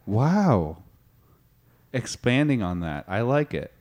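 A man playing a mock improv teacher in a comedy sketch, talking in a deadpan, instructive way. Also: mid-range voice, slow pace.

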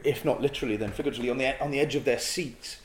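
A man talking casually as a guest about improv comedy, switching into quick acted-out bits of dialogue as he explains. His voice sits at a middling pitch and carries a noticeable echo from the room. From North East England. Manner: animated storyteller acting out little scenes. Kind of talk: casual interview chat. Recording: echoey room.

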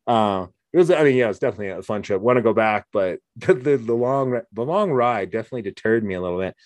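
A man's voice: fairly low pitch, animated, fast, no echo. An American man chatting casually as a podcast host, a jokey storyteller who acts out the voices he quotes. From United States. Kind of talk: casual conversation.

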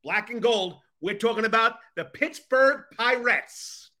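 Bright, high-voiced sports host man. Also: expressive, unhurried. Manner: upbeat, playful, leading the topics. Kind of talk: casual sports talk.

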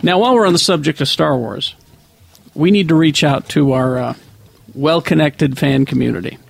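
A man hosts a loose podcast chat, riffing jokes and restarting his sentences often. His voice is a bit high and gravelly. The sound is dry and close. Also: moderate pace, no room sound. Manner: rambling, joking, many restarts. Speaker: podcast host. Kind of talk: casual chat among friends.

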